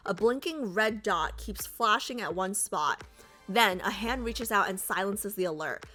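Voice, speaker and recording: A woman's voice: mid-range voice, animated, normal speed, pushed and bright, faint music behind. A woman casually reading a game story aloud, breaking off for chatty, joking asides.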